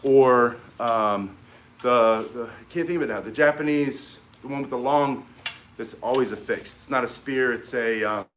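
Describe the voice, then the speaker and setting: A man's voice: medium pitch, a bit bright, a little hiss or hum. A middle-aged man teaching a martial arts class in a casual, encouraging way, rambling with fillers and restarts.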